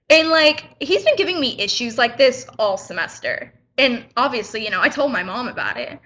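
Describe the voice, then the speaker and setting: Teen girl, bright and a bit high, indignant chatty storyteller, muffled webcam sound. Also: lively intonation, moderate pace. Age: teens. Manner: indignant, chatty retelling with quoted back-and-forth. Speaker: high school student vlogger. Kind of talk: casual vlog storytelling.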